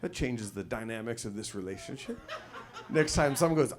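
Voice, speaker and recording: A man performing a crude stand-up comedy set on a club stage, telling ornery stories with sudden loud outbursts. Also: medium pitch, expressive, normal speed, background noise.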